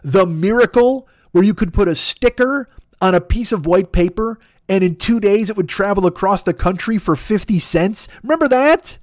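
A man's voice: sits high, normal speed, darkish tone, no room sound, studio quality. A man hosting a podcast, ranting in a sarcastic, exasperated and profane way. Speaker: podcast host. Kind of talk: ranting monologue.

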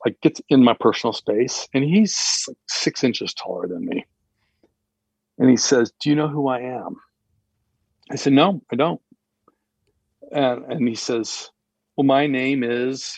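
A man telling a personal story in a casual, animated way, acting out the dialogue with raised voices. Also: mid-range voice, gravelly, breathy edge, dry recording, lo-fi sound. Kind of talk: casual anecdote.

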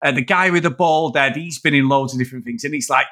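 A man's voice: fairly high pitch, fast, hardly any pauses. A man co-hosting a casual film podcast, swearing and eagerly acting out his favourite scenes. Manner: animated, swearing, acts out scenes. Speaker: podcast co-host.

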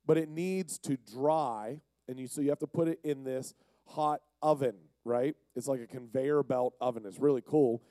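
A man's voice: medium pitch, normal speed, mellow, no echo. A man from Pennsylvania giving a casual, jokey, rambling storytelling sermon. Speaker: youth speaker.

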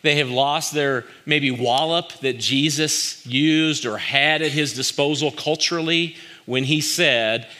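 A pastor leads a prayer and moves into his sermon. His voice is bright and clear, and his delivery is conversational and earnest. He pauses often with fillers and invites the congregation to join in. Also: a little high.

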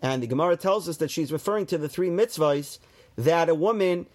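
Man, slightly higher voice, Torah teacher, reads verses and explains, casual fillers. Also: expressive, brisk, a little mellow. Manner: reads Hebrew verses then translates and explains; conversational, with fillers and restarts. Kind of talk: text study class.

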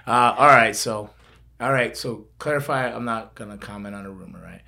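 Gravelly older man, rambling podcast host. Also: on the low side, moderate pace. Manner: rambling, animated storytelling with asides. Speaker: podcast host, former wrestler. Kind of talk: casual chat.

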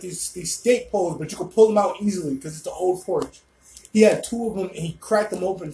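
A young man telling a story casually, animated, rambling and full of swearing. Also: high-pitched, reverberant, low-quality recording.

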